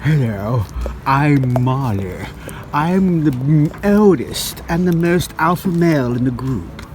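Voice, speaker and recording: Guy voicing a proud old top dog, slow and self-important, noisy around. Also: a little high, animated, darkish tone.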